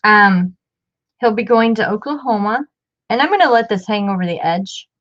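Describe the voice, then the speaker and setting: A woman's voice: medium pitch, expressive, moderate pace, a bit bright, dull audio. A middle-aged woman chatting in a rambling, casual way with many fillers while she works on a craft project. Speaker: crafting vlogger.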